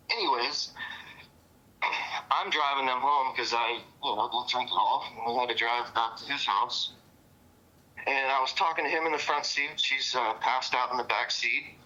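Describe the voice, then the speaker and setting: A man's voice: a little high, normal speed, bright, forceful tone. Rambling man on a muffled phone line. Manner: rambling with many fillers and cussing. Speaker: witness interviewed by police. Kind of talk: casual recounting.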